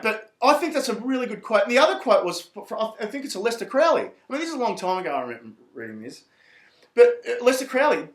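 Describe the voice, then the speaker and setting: A man rants in a rambling, profane way. His voice sits high for a man. The room around him is echoey. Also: a bit bright. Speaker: vlogger. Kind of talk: casual monologue to camera.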